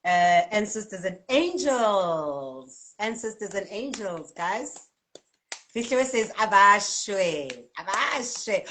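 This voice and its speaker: A South African woman hosting a live spiritual card-reading stream, reading out viewers' comments in a lively, chatty way and laughing often. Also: mid-range voice, slow. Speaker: spiritual healer and card reader.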